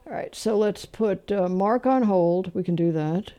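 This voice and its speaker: A man's voice: high-pitched, measured pace, mellow, smooth, no echo, clean studio sound. Chatty older male radio host. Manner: chatty, laughing storyteller, quizzing callers. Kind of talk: call-in oldies quiz show. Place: radio studio. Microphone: studio microphone.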